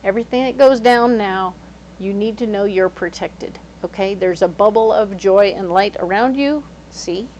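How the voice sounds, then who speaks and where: A woman giving a casual tarot reading, animated and playful, breaking into sudden exclamations. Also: medium pitch, normal speed, dull audio, a little hiss or hum. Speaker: tarot reader.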